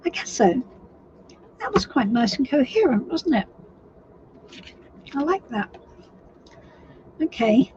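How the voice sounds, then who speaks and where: A woman reads tarot cards live for her viewers, speaking slowly and kindly, often stopping to restart a thought. Her voice sits a little high. The stream audio is somewhat muffled, with a faint hiss behind it. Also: big pitch swings. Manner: chatty, hesitant restarts, gently sympathetic. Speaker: tarot reader. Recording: slightly dull lo-fi stream audio with faint noise.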